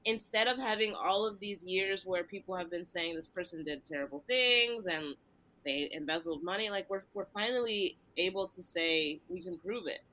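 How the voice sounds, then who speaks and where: Speaking at a moderate pace in a fairly low, bright and forceful voice, she hosts a casual podcast chat. A comedian from Delaware County near Philadelphia, she's earnest and reflective, musing aloud at length.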